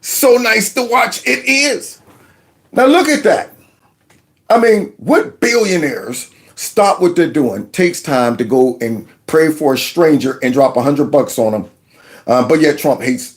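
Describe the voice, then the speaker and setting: A man's voice: mid-range voice, normal speed. A man hosting a casual political commentary show, talking with sarcastic, mocking asides. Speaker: commentary channel host.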